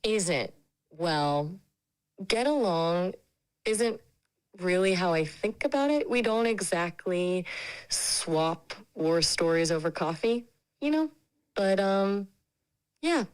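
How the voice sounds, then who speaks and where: A woman's voice: medium pitch, clear, resonant tone, rough recording. A woman's synthetic voice speaking as an AI companion, chatting in a friendly, casual, opinionated way. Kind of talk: conversational AI chat.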